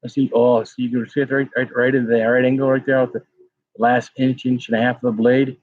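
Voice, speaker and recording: Guy rambling on his livestream, husky voice, dry dull lo-fi sound. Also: medium pitch, flat delivery, a little fast, darkish tone, no room sound. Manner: rambling, greets chat viewers by name. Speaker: pepper-tasting livestream host. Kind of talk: casual live-stream chat.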